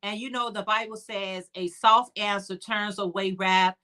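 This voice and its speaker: Woman, Chicago accent, livestream host; bright, chatty, upbeat delivery reading viewer comments. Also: medium pitch, steady tone, unhurried. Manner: chatty and upbeat, greets viewers by name, calls them honey.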